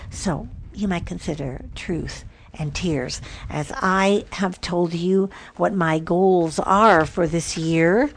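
A woman hosting a devotional talk show, speaking earnestly and dropping at times to near whispers. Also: lowish voice. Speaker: podcast host.

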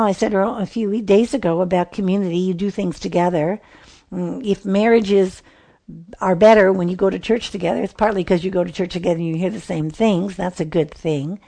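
Warm, gravelly woman giving a devotional talk. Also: mid-range voice. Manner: earnest, reflective, conversational with many restarts. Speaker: Christian radio host. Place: studio.

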